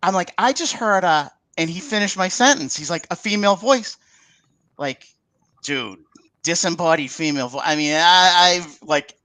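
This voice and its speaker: A man's voice: high voice, no echo. A man, a podcast guest, telling a story in a casual interview and acting out the dialogue with lots of restarts. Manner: animated, acts out quoted dialogue with many restarts.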